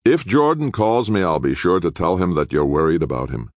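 A man voicing a wily older official who talks in a flat, dismissive, sometimes growling way. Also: low voice, a little fast, dry recording, clean studio sound, pitched above the performer's own voice. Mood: dry cunning. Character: gruff, wily older male official protector.

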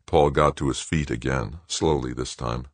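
A man narrating an audiobook in a steady, measured storytelling voice, recorded close on a studio mic. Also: very deep voice, dry recording. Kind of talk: scripted narration.

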